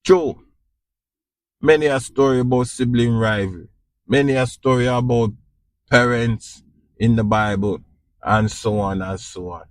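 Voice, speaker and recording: With a Jamaican accent, a podcast host gives an informal spiritual talk, preachy and repetitive, often asking if you understand. His voice sits in the mid-range, his pace is measured with long pauses, and there's no echo.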